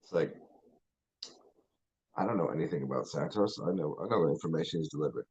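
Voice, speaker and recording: Man, very low husky voice, rambling profane rant, dull lo-fi recording. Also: fast talker, darkish tone. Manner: rambling and profane, with many restarts. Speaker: channel host. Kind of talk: casual livestream rant.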